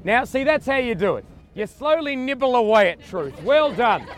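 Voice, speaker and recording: High-voiced Australian man doing grandiose tour-guide patter. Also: sing-song, moderate pace, soft background music. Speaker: comedian leading a mock street tour. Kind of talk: improvised street comedy. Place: busy city street outdoors.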